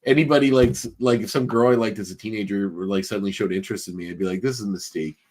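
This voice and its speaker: A man with a fairly low voice co-hosts a podcast in loose casual chat. He rambles, restarts and leans heavily on filler words as he talks. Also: fairly even intonation, racing, darkish tone. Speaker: podcast co-host.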